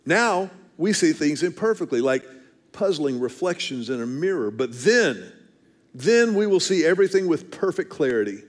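A man in his fifties preaching a sermon, telling family stories and slowing down hard to stress key phrases. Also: on the high side, sing-song. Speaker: pastor.

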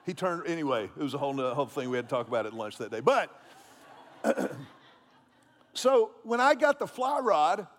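A man's voice: a little high, very animated, normal speed, long pauses, long reverb tail. A man preaching a sermon, telling a story casually and with lots of fillers. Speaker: pastor.

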